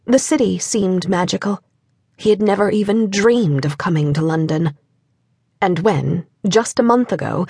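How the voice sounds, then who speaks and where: Female narrator, husky, mid-pitched, measured and gentle; dry studio read. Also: dry recording. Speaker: audiobook narrator. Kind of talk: scripted narration.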